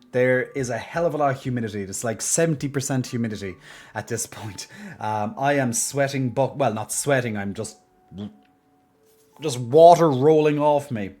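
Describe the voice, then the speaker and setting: A man's voice: medium pitch, normal speed, darkish tone. A man with a mild Irish accent, chatting casually and playfully as a live streamer. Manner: playful and jokey, laughs often. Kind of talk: casual chat.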